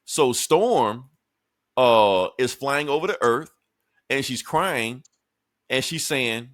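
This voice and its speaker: A man's voice: mid-range voice, animated, takes it slowly, a bit bright, no room sound, clean studio sound. A man co-hosting a podcast, recapping comic books in a laid-back, profane, joking way. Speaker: podcast co-host. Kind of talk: casual comic book chat.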